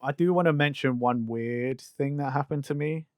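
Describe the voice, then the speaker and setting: A young man from England co-hosting a podcast, telling an anecdote in a quick, wry casual way. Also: medium pitch, no echo, clean studio sound. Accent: English. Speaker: podcast co-host. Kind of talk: casual storytelling.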